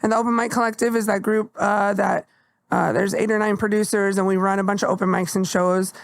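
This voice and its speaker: A young woman hosts a podcast in an easy, talkative way. She's candid and animated, drops casual swears, and sits at a middle pitch. The sound is close and dry. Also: fairly quick, creaky, dry recording. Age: young adult. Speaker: podcast host and comedian. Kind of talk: casual conversational chat.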